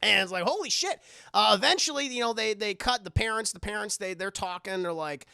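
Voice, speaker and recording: Guy streamer ranting through a movie recap to chat, bouncy pitch, bright voice. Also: a little fast, creaky, clean tone, no room sound, clean studio sound. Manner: excitable, profane, laughing retelling.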